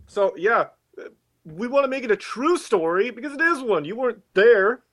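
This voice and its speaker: A man's voice: extremely high pitch, lively intonation, normal speed, a bit bright. A young man co-hosting a casual chat, telling crude stories in a joking way. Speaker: podcast co-host.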